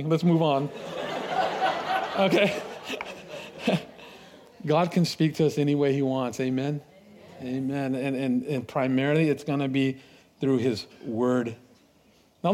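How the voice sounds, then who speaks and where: Middle-aged guy preaching, slightly high voice, tells stories, laughs a bit, restarts words. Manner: storytelling, animated, with laughs and repeated words. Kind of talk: sermon.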